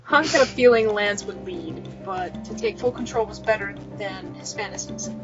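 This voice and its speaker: A woman's voice: medium pitch, animated, moderate pace. A woman co-hosting a podcast, reading fan fiction aloud with wisecracking, rambling asides and casual swearing. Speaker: podcast co-host. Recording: muffled lo-fi with background music.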